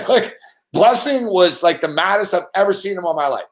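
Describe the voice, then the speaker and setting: A man hosting a late-night sports betting rant, swearing and yelling excitedly at the game while telling stories. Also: high-pitched, moderate pace. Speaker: sports betting show host. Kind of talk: live rant while watching games.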